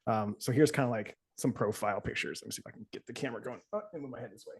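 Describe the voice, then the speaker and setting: A man's voice: mid-range voice, rapid-fire, husky. A man hosting a podcast, chatting casually and loosely about a comic, with many fillers. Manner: rambling, loose, with many fillers and quoted voices. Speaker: podcast host. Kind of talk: casual chat recapping a comic.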